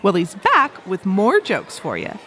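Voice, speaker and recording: A woman's voice: mid-range voice, wildly swooping pitch, a little slow, a crowd in the background, background noise. A woman hosting a children's toothbrushing show, upbeat and instructive. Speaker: host.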